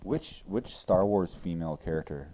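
A man's voice: low-pitched, normal speed, background noise. A man in casual chat, teasing and arguing in a crude, joking way.

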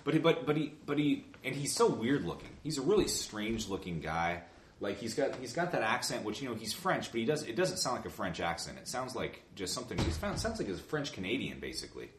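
A man's voice: medium pitch, very animated, fairly quick, reverberant, slight background noise. A man co-hosting a casual movie chat, joking crudely and restarting his sentences a lot. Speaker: podcast co-host.

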